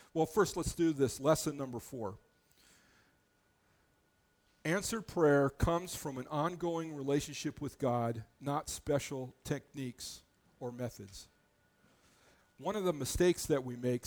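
A man delivering a sermon as a pastor, with a mid-pitched voice of ordinary height. He preaches conversationally and plainly, often breaking off and restarting a phrase as he works through his explanation. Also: darkish tone.

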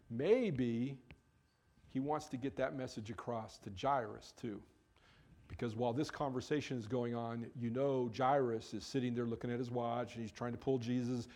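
A man's voice: mid-range voice, darkish tone. A man preaching a sermon in church, talking to the congregation in a conversational way and briefly acting out quoted figures. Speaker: pastor.

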